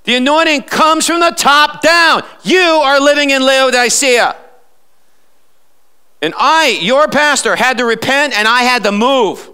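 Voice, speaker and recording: A man's voice: extremely high pitch, a little slow, bright, forceful tone, smooth. A male pastor preaching a live sermon in church, emphatic and fond of sarcastic rhetorical questions.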